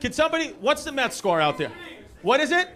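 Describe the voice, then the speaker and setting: A man with a New York accent doing stand-up crowd work in a comedy club, teasing people in the front row with loose, quick jabs. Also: very high-pitched, big pitch swings, slight background noise. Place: comedy club stage with a live audience. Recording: loud laughing crowd in a club.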